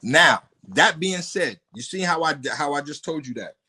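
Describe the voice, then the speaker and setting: Animated, foul-mouthed man telling a story. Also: fairly high pitch, normal speed, breathy edge. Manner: animated, profane, blunt storytelling with rising outbursts. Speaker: podcast guest. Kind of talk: storytelling on a podcast.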